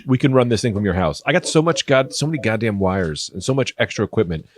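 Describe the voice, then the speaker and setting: A man riffing through an improvised comedy podcast, rambling and deadpan-absurd, speaking into a studio microphone. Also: lowish voice, quick pace, background noise. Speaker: podcast co-host.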